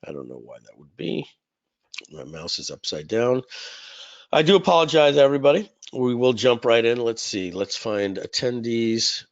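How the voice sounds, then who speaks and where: A man's voice: medium pitch, big pitch swings, moderate pace, lo-fi sound. A man hosting a live webinar in a casual, rambling way, with many "uh" fillers, talking into a computer mic. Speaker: webinar host.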